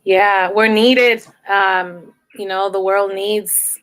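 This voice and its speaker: A woman author as a guest on a live chat, earnest and warm. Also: mid-range voice, fairly even intonation, slow pace. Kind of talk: casual chat and poem reading.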